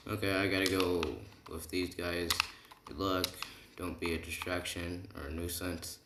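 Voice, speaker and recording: A man's voice: low-pitched, little pitch movement, a little slow, far from the mic, very noisy. A man voicing a blunt, dismissive older male swordsman mentor in a curt, offhand way. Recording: echoey room, faint keyboard typing.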